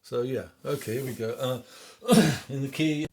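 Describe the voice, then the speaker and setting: A West Country man, a singer-songwriter running a request show from home during lockdown, chats casually between songs and reads dedications. His medium-pitched voice is darkish and at normal speed, and the recording has a little hiss or hum, plus faint guitar in the background.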